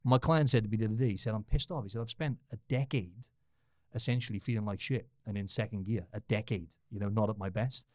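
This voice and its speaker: Quick, chatty male podcast host. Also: on the low side, a little mellow, no room sound. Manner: chatty, matey, tells stories. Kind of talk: casual podcast conversation.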